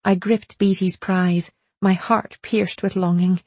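A woman reading a first-person story as an audiobook narrator, steady and measured. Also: lowish voice, no echo.

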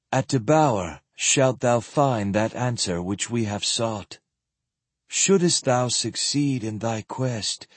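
A man's voice: on the low side, husky, no echo. A man voicing the ghost of an armored knight, speaking in a hollow, empty voice with solemn, archaic phrasing.

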